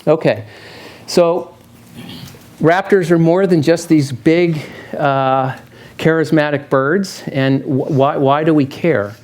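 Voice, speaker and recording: Speaking to an audience in a lecture hall, a middle-aged man who is a field biologist and falconer tells stories in a casual public lecture. His voice is fairly high, steady, and darkish, and he talks haltingly, restarting often.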